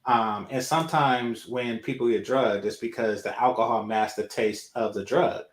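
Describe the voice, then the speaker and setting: A man's voice: mid-range voice, fairly even intonation, moderate pace. A man chatting casually as a co-host, his mid-range voice wandering through thoughts with plenty of fillers. The room around him rings with a noticeable echo. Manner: loose, rambling, many fillers. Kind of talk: casual reaction chat. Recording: roomy echo.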